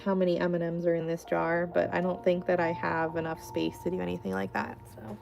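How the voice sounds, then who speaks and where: A woman's voice: lowish voice, level tone, fairly quick, creaky, over music. A young adult woman hosting a casual livestream, telling rambling, chatty stories full of "like" fillers and answering chat. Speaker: craft artist hosting a livestream.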